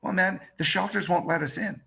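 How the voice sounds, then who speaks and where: A man's voice: sits high, brisk, creaky, sharp tone, husky, pitched above the performer's own voice, heavily acted. A man voicing a scruffy homeless man with a dog, slangy, saying "man" a lot. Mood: earnest.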